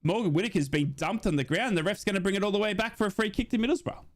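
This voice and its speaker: A football fan who streams gives excitable live commentary at a watch-along, talking at a racing pace. His voice leaps high during big moments as he reads viewer comments aloud and responds to them.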